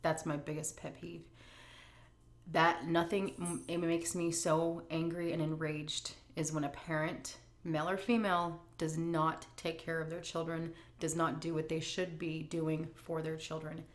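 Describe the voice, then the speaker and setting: A woman's voice: sits low, level tone. Candid middle-aged woman, echoey room. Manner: candid, emotional, drawn-out emphasis. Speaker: vlogger answering viewer questions. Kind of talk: casual Q&A chat.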